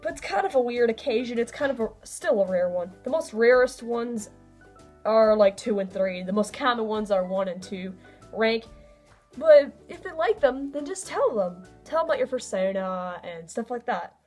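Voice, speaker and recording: A young woman giving casual advice in a vlog, chatty and laughing often, her pitch swinging up and down. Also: animated, moderate pace, darkish tone, faint music behind. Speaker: vlogger.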